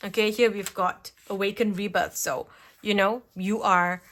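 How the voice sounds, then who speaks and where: A woman's voice: mid-range voice, steady tone, unhurried, a bit bright. A woman giving a pick-a-card tarot reading at home, chatty and reassuring, often checking in with "okay?". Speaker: tarot reader. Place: home, at a table with cards.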